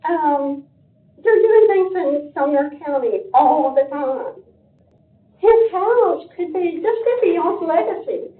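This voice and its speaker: Older lady pleading at a county meeting, high voice, slow and teary, echoey tinny audio. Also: expressive. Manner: emotional, pleading, voice breaking with tears. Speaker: public commenter. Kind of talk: public comment at a county meeting.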